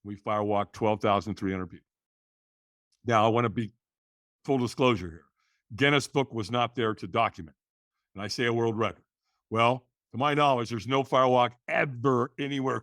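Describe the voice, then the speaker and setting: A middle-aged man, a guest on a conversational show, telling his story in a lively, animated way, full of "you know" and "right". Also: medium pitch, dry recording, clean studio sound.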